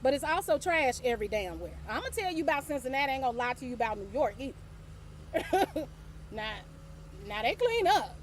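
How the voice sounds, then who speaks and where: A woman's voice: high voice, very animated, fairly quick, a little hiss or hum. A middle-aged woman hosting her own show, telling a casual story, laughing often and swearing offhandedly. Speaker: host.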